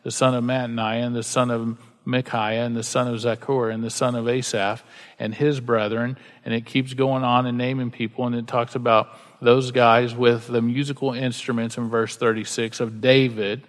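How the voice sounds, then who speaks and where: A man's voice: medium pitch, long reverb tail. A man preaching a sermon, reading scripture aloud and then explaining it in a casual, conversational way with everyday examples. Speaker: pastor.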